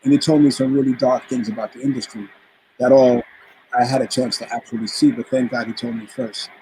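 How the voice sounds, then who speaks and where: Animated storytelling man from the Bronx. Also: medium pitch, brisk, a little hiss or hum, rough recording. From the Bronx, New York. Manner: animated anecdote teller who acts out quoted voices. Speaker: guest musician. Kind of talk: casual interview storytelling.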